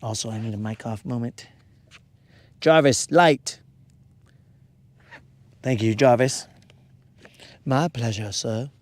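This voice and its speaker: Man, unhurried delivery, fishing vlog host, goofy banter, outdoors on a lake. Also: mid-range voice, dry recording. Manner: joking, goofy, talks to viewers as bros. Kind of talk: casual fishing vlog chat. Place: outdoors on a boat at a lake at night.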